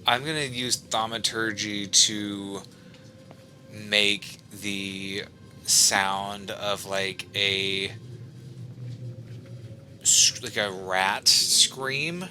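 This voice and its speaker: A man's voice: on the low side, extremely slow, long pauses, bright, forceful tone, soft background music. A man playing a tabletop game, thinking aloud hesitantly as he decides his moves. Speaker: player.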